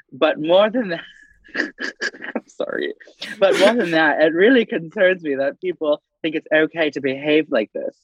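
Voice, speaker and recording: A man's voice: fairly high pitch, no echo, dull audio. A man putting on a prim British letter writer. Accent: put-on British. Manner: mock-posh, careful reading.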